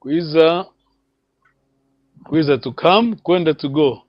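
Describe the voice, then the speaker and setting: A man leads an online language lesson with a fairly high voice, cheering his students on and repeating words. His laughter comes often. The audio is dry and a little dull, like a video call. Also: unhurried, dry recording. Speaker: language teacher.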